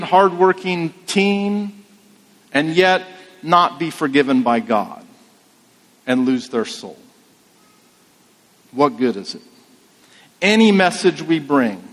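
A man preaching a sermon in a measured, emphatic way, asking rhetorical questions. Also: on the high side, in a large hall. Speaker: pastor.

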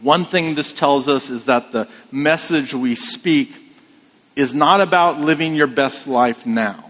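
A man preaching a sermon in a measured, emphatic way, asking rhetorical questions. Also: fairly high pitch, a bit bright, in a large hall. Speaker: pastor.

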